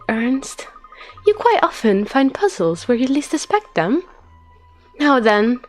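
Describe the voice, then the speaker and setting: A woman's voice: sits high, pitched above the performer's own voice. A woman putting on a chirpy young lady detective. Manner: chirpy, exclaiming, proper phrasing. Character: cheerful young woman detective, bright and proper. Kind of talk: reading game dialogue aloud.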